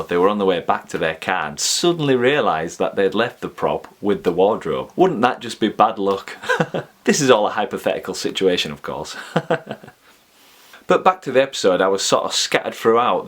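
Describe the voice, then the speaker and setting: A Yorkshire man talks in a relaxed, chatty vlog, making jokes at his own expense and chuckling often. His voice sits low and deep. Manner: jokey and self-mocking, chuckles often. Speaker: vlogger and TV extra. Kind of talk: casual chat.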